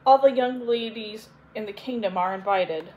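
A woman's voice: medium pitch, moderate pace, dull audio, slight background noise, natural voice. A woman reading the lines of a haughty fairy-tale stepmother in a plain storybook voice. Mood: announcing.

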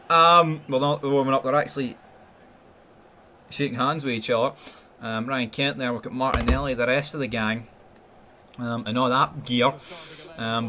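Scottish lad commentating his footy game, bright voice, swears a lot, mutters then yells at goals. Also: medium pitch. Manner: excitable, sweary, jumps from mumbling asides to yelled goal calls. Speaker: gaming YouTuber. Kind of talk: sweary mock football commentary over a video game.

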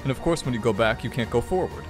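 A man's voice: medium pitch, animated, fast talker, music in the background. A man giving frustrated, swearing commentary while playing a video game. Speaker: gaming channel host. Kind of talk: let's play commentary.

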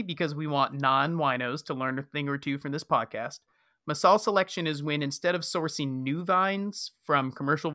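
A man's voice: on the high side, pushed and bright, dry recording, studio quality. A man co-hosting a wine podcast, explaining things in a wry, casual way. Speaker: podcast co-host. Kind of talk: casual chat.

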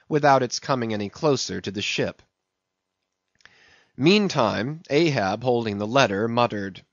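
In a measured, steady reading voice, a man narrates an audiobook. His voice sits in the mid range, and the recording is dull and dry.

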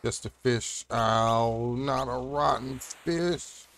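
A man's voice: medium pitch, takes it slowly, a bit bright, slight background noise. A man giving casual commentary as he plays a video game, muttering and grumbling at what happens on screen. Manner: mutters and grumbles while playing. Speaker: let's play host.

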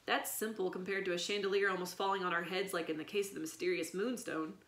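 A woman's voice: lowish voice, steady tone, quick pace, echoey room, lightly acted. A woman voicing a cautious, nervous schoolboy who speaks hesitantly.

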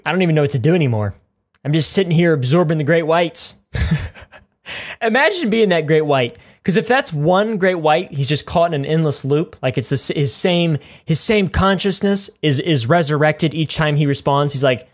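A man's voice: on the high side, a little slow. Goofy rambling gaming YouTuber man. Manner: goofy, rambling, crude jokes. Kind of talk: let's play commentary.

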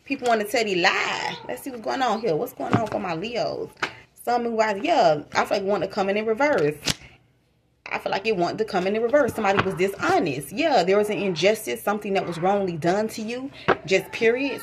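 A woman's voice: medium pitch, background noise. A woman giving a casual tarot reading to her viewers, slangy and repetitive, talking straight to them. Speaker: tarot reader.

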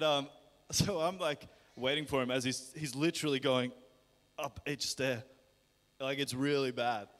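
A man's voice: medium pitch, fairly bright tone. A man in a live church service telling a healing story with frequent laughs, then praying commandingly over the congregation. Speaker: worship leader sharing a healing testimony. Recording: long hall reverb.

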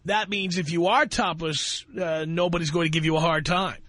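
A man's voice: on the high side, fairly even intonation, moderate pace, a bit bright, no echo. A man hosting a radio call-in show, blunt and brash as he takes callers. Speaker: radio talk show host.

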